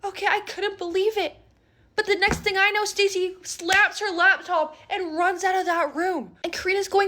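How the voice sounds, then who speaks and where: High-voiced woman doing a storytime skit, lively and dramatic, whispers then gets loud. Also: moderate pace. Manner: animated, switching between whispers and raised voices.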